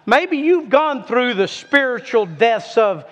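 High-voiced man preaching in an echoing hall. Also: sing-song. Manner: emphatic, drawn-out stresses, calls on the congregation to repeat. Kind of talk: sermon with scripture reading. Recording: long reverb of a large hall.

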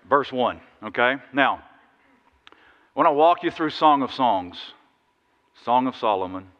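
Male pastor mid-sermon, bright, forceful delivery, animated storytelling, dull hall sound. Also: mid-range voice. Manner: lively, animated storytelling with sudden loud bursts.

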